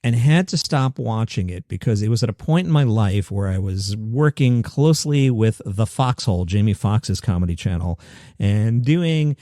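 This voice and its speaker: A man's voice: fairly low pitch, animated, moderate pace, mellow, no room sound, studio quality. A middle-aged man from Queens, hosting a comedy news show with wry, self-deprecating asides. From Queens, New York. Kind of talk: solo comedy news commentary.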